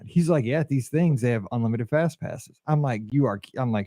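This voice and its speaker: A middle-aged man co-hosting a podcast, telling an animated story and acting out the quotes in casual chat. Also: mid-range voice, fairly quick, no room sound, studio quality. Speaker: podcast co-host.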